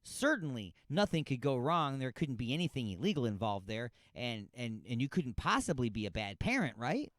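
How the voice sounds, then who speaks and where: A man's voice: mid-range voice, very animated, moderate pace, hardly any pauses, fairly bright tone, dry recording. A man hosting a radio talk show, ranting sarcastically and scolding with exasperation about a news story.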